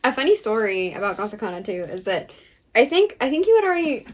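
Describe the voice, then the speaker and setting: A woman's voice: fairly high pitch, sing-song, fast. A young woman co-hosting a book vlog, chatting casually with lots of fillers and frequent laughs. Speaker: book vlogger co-host. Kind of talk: casual chat.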